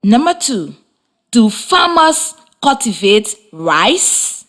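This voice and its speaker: A woman teaching a children's reading lesson on the radio, giving slow, encouraging, clear instructions. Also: on the high side, big pitch swings, a bit bright. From Liberia.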